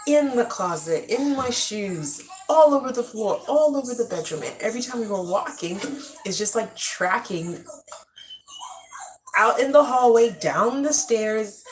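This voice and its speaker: A woman's voice: a little high, measured pace, a little hiss or hum, rough recording. A young woman from Africa, chatting casually and rambling on a live stream from her home. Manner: chatty, rambling, animated storytelling.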